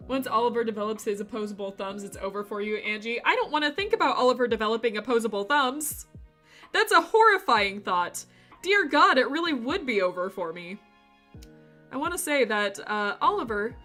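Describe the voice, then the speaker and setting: A woman's voice: on the high side, expressive, normal speed, fairly bright tone, soft background music. A woman streamer chatting casually with her live chat, playful and rambling, laughing often between remarks.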